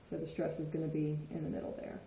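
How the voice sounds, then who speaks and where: A woman's voice: low-pitched, completely flat delivery, fast talker, creaky, dark tone, a little hiss or hum. A woman explaining Spanish grammar in a patient lesson, often checking in with "okay?". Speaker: Spanish teacher. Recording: echoey room.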